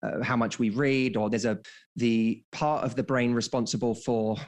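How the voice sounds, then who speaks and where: A man's voice: mid-range voice, fairly even intonation, moderate pace. Man coaching on dating, story-driven talk. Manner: storytelling, acting out quoted dialogue. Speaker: dating coach, podcast guest. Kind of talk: casual podcast conversation.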